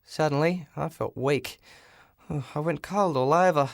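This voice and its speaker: A man narrating a first-person audiobook with lively storytelling and shouted dialogue. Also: on the high side, normal speed, no echo, studio quality.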